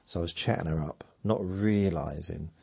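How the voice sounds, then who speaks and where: A man, rambling slowly through a meandering bedtime monologue with muttered asides that trail off. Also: low voice, creaky, a little mellow, slightly rough. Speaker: sleep podcast host.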